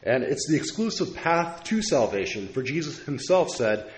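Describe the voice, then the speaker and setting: A man preaching a Bible study sermon, earnest and measured, with occasional filler pauses as he reads scripture aloud. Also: mid-range voice, sing-song. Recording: echoey room.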